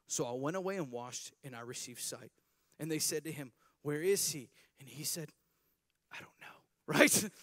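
A young man preaching a sermon, telling a Bible story with lively acted-out voices. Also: on the high side, no room sound, studio quality. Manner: animated storytelling, acting out voices of biblical characters. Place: chapel service.

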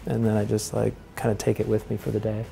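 Laid-back chatty man with gravelly voice. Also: on the low side, fast talker, faint music behind. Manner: relaxed, chatty, laughs often, lots of fillers. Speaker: interview guest, pro snowboarder. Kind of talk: casual chat. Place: house, indoors.

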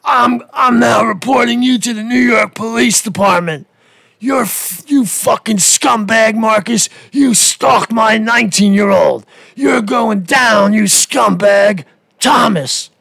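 A man putting on a mocking voice of a furious, insult-hurling man who shouts. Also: measured pace, creaky, breathy edge, dry recording, full character voice. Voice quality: shrill, shouting.

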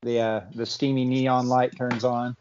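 A man's voice: medium pitch, flat delivery, a little slow, a little mellow, slight background noise. A man running a tabletop game as game master, chatty and laughing often, in a slightly muffled recording.

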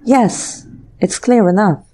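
A woman's voice: mid-range voice, slow, dark tone. A woman doing a blunt police inspector. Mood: curt. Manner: curt, matter-of-fact.

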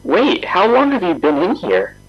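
A woman voicing a bewildered young game hero who asks slow, puzzled questions. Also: lowish voice, wildly swooping pitch, husky, muffled recording, voice pushed down, full character voice.

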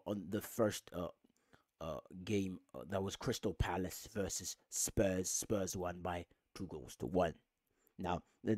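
A man's voice: deep voice, no room sound. Sweary, ranting man. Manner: angry, sweary, emphatic ranting. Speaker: podcast host. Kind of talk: casual football rant.

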